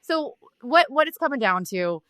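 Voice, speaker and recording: A woman co-hosting a podcast in frank, animated casual chat, swearing freely, recorded remotely. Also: sits high, moderate pace, no echo, studio quality. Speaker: podcast co-host.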